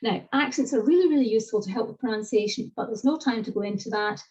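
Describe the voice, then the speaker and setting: Lively woman lecturer on a video call. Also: a little high, quick pace. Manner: lively, explanatory, addresses participants directly. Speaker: classics lecturer. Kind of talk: online seminar teaching. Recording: distant, dull lo-fi video call audio.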